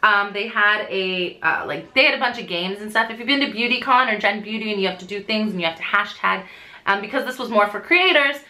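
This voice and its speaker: Gushing, bright-voiced woman beauty vlogger. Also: medium pitch, fairly quick. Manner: gushing, excitable, frequent gasps. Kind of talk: casual unboxing vlog.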